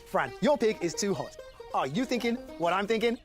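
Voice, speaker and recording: A woman's voice: medium pitch, expressive, normal speed, lightly acted. A woman voicing an eager, helpful young vet in a children's cartoon, with children's music underneath.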